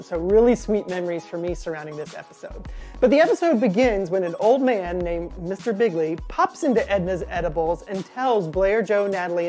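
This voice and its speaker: A man's voice: sits high, a little mellow. A man in his late forties chatting enthusiastically as he hosts a cooking video at his stove, wandering into rambling asides. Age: late 40s. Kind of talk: casual cooking vlog chat. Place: home kitchen at the stove.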